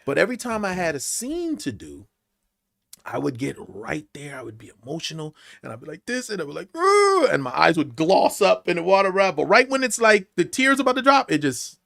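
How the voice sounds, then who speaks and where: Late 40s guy on a podcast, gravelly voice, telling stories all animated and doing the voices. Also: fairly high pitch, brisk. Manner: lively, acts out quotes in big jumps of voice. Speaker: podcast guest, actor. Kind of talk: animated storytelling interview.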